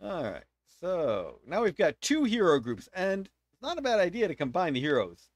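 A game streamer with a high male voice and wildly swooping pitch casually commentates a strategy game while playing, thinking aloud as he explains his moves and voices playful sound effects for attacks. He talks at a normal speed in a dry recording.

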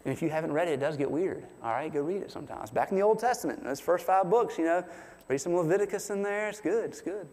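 A man preaches with a lively pitch that rises and falls as he talks. His voice sits a bit high for a man, and it rings out with the long reverb of a large church hall. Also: fast. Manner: conversational, animated preaching with questions to the congregation. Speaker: pastor. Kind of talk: sermon. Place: church sanctuary.

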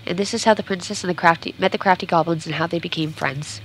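A woman's voice: on the low side, quick pace, slight background noise, rough recording. A woman game streamer reading a storybook aloud during a playthrough, sometimes stumbling and correcting herself.

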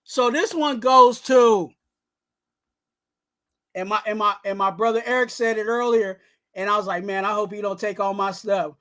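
High-voiced man ranting about football. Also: moderate pace, long pauses. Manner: animated, talks straight to the coach, repeats catchphrases. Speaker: host of a fan sports talk show. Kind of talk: casual live-stream sports rant.

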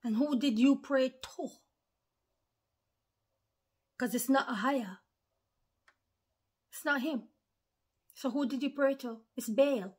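A woman with a slightly high voice, preaching in an earnest, informal way to followers online. She repeats key phrases and calls her listeners brothers and sisters. Her delivery drops to near whispers, then rises to forceful lines. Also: slow pace, long pauses, breathy edge.

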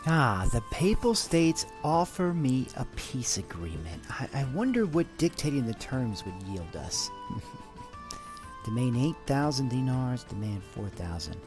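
Guy doing let's play commentary, lively up and down voice, bit of roleplay, faint music behind. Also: medium pitch, a little slow. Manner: animated, excitable, gives orders to troops. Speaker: gaming channel host.

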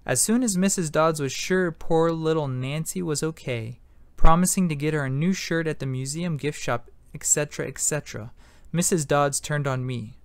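Gravelly man narrating an audiobook. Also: on the high side, moderate pace, no room sound. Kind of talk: amateur first-person audiobook narration.

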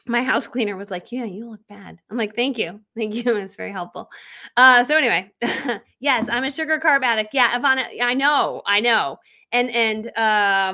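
A woman's voice: fairly high pitch, bright, forceful tone. A woman in her thirties, a business coach talking casually on a live video, bubbly and chatty with frequent laughs.

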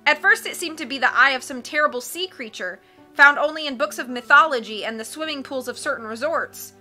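A woman reading a novel aloud as an audiobook narrator, expressive and lifting her voice for dialogue. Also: sits high, brisk, faint music behind. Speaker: audiobook reader.

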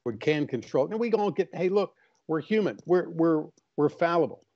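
Older man, dark mellow voice, earnest. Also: on the high side, lively intonation, moderate pace, dull audio. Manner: earnest, storytelling, acts out voices in anecdotes. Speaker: author and guest. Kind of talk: casual interview chat.

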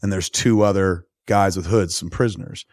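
A man's voice: deep voice, fairly even intonation, normal speed, a little mellow, dry recording. A man hosting a podcast, recapping a film in a profane, rambling and enthusiastic way. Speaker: podcast host. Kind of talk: casual movie recap.

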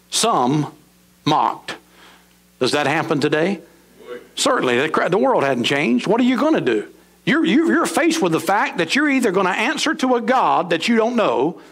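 A middle-aged man preaching a sermon in a church, swinging between high emphatic lines and low, slow drops. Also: fairly bright tone. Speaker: pastor. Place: church sanctuary.

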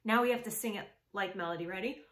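A young woman teaching music to preschoolers at home, speaking slowly and with exaggerated expression, asking children questions and answering for them. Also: mid-range voice, fairly bright tone, echoey room. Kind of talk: sing-song lesson for small children. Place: home room.

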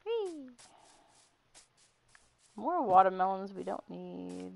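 Young woman streamer with a gravelly lilt. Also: on the low side, expressive, moderate pace, fairly bright tone. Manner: playful bickering, swears freely, sighs and laughs. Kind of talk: casual gaming chat.

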